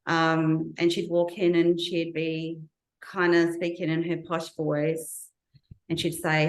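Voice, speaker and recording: A woman's voice: deep voice, completely flat delivery, slow, roomy sound, rough recording. A woman as an interview guest, giving earnest, reflective personal testimony full of recalled detail.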